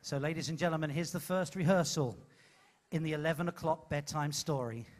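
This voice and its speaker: A man's voice: fairly high pitch, fairly quick. A man hosting a live comedy show, coaching a volunteer from the audience with playful, teasing patter on a cruise ship stage.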